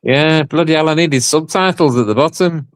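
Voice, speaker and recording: A man's voice: on the high side, normal speed, no echo. A man chatting as a guest on a livestream, joking, teasing the host and laughing often. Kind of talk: casual chat on a livestream.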